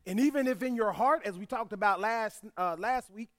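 A man's voice: high-pitched, fairly quick, a bit bright. A man preaching a sermon, reading scripture aloud and repeating key lines for emphasis, with folksy asides to the congregation. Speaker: pastor.

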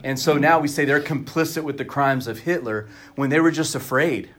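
A man's voice: medium pitch, brisk, fairly bright tone, a little hiss or hum. A man preaching a sermon as pastor at a church service, talking candidly and conversationally to the congregation.

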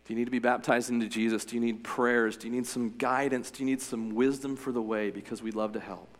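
A man's voice: medium pitch, flat delivery, fast talker, big-room sound. A man preaching as a pastor, earnest, telling a story and then giving an invitation. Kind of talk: sermon.

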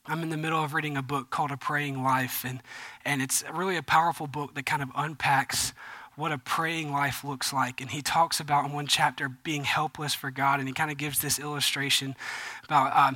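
A male pastor preaching a sermon, moving between urgent, raised appeals and quiet, hushed storytelling. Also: fairly high pitch, no room sound.

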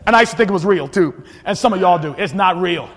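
A man preaching a sermon, energetic and often shouting, with frequent repeats and restarts. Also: sits high, quick pace. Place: church sanctuary. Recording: long hall reverb, faint congregation.

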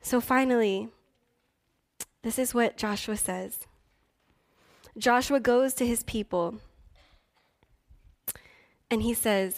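A young woman delivers a sermon as a youth pastor, her voice sitting a little high. She preaches with feeling, pushing some lines out loud and dropping others to a hushed near-whisper. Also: takes it slowly, long pauses.

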